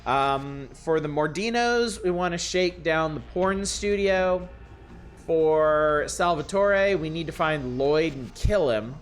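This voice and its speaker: A man streaming a role-playing game, casually musing through plans with hesitant restarts. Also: on the high side. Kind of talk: let's-play commentary.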